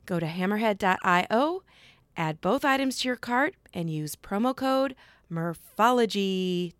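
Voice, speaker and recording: A woman hosting a podcast, reading a scripted sponsor message in a smooth, upbeat way. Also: mid-range voice, lively intonation, measured pace, dry recording. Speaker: podcast host. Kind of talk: scripted ad read.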